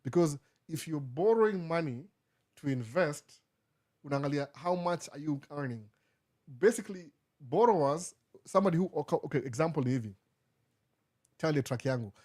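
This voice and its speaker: A man's voice: on the high side, animated, normal speed, long pauses, a little mellow, no room sound, clean studio sound. A man from Kenya, hosting a casual live Q&A, answering viewer questions and slipping Swahili phrases into his English. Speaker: host.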